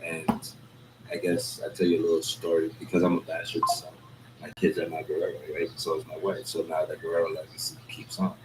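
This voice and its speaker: A man's voice: a bass voice, completely flat delivery, fairly quick, very noisy. A man hosting a casual chat, rambling and streetwise, talking in loose asides.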